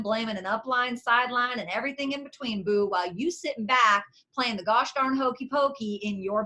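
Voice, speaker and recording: Woman, 30s, brassy high voice, slangy motivational talker on a video call. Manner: sassy, slangy and animated, with swings between loud and soft. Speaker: guest speaker. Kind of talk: motivational pep talk.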